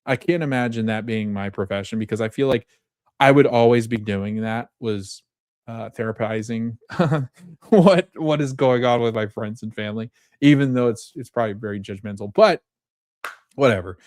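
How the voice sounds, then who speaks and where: A man's voice: mid-range voice, moderate pace, a little mellow, no room sound, studio quality. A man in his thirties hosting a podcast, recapping a TV episode in a chatty way, quoting scenes and laughing often. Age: 30s. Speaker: podcast host.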